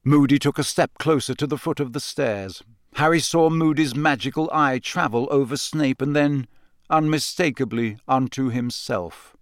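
In a dry, close recording free of echo and room sound, a man with a mid-range voice narrates a novel at a steady, measured storytelling pace. He is an audiobook narrator delivering scripted text.

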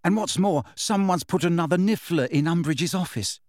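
A man's voice: on the high side, moderate pace, a little mellow, no echo, clean studio sound, pitched above the performer's own voice, close to an everyday voice. A man voicing a clever, hot-tempered teenage schoolgirl witch who talks sharply and indignantly. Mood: cross.

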